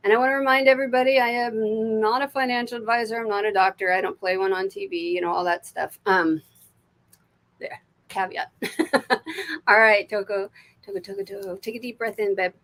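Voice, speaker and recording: An American woman hosts a live stream of psychic card readings. Her talk is loose and chatty, full of laughs and cheerful swearing, with sudden soft murmurs when she turns to ask spirit for answers. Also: medium pitch, moderate pace, slight background noise. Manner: chatty, warm-hearted, laughs often, swears freely; drops to murmurs and whispers when asking spirit. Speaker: intuitive reader.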